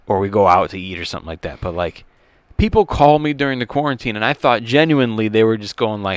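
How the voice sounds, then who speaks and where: A man's voice: lowish voice, animated, dry recording. A man hosting a comedy podcast, chatting casually in an easygoing, agreeable way. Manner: easygoing, agreeable, quick back-channel replies.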